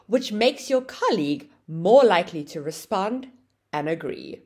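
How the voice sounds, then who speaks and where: A woman teaching an online English grammar lesson, explaining with a lively, sing-song intonation. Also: mid-range voice, unhurried, slightly rough.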